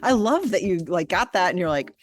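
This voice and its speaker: A woman hosting a podcast interview, enthusiastic and quick to laugh and affirm her guest. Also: on the low side, expressive, soft background music. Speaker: podcast host.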